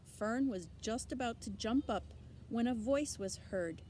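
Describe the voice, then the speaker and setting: A woman's voice: on the high side, measured pace, dark tone, slight background noise. A woman teacher reading a children's novel aloud expressively, with asides to her listeners.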